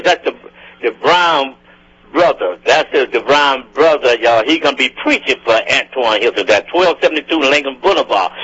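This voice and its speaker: A husky male radio host with a slightly high voice, talking folksy and easy with his gospel audience. The broadcast sound is dull and lo-fi. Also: fairly bright tone. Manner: folksy, addresses listeners as y'all. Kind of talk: casual gospel radio talk.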